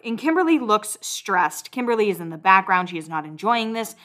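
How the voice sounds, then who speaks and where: A woman's voice: mid-range voice, brisk, hardly any pauses, a bit bright. A woman hosts a casual recap podcast, walking through reality show scenes. Her talk is chatty and gossipy. She drops in blunt asides and curses freely. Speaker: podcast host.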